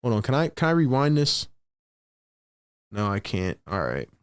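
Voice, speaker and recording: A man hosting a live play-by-play reaction stream. He swings between hyped shouting and frustrated muttering and repeats lines for emphasis. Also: medium pitch, very animated, moderate pace, clean tone, dry recording, clean studio sound. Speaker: sports stream host.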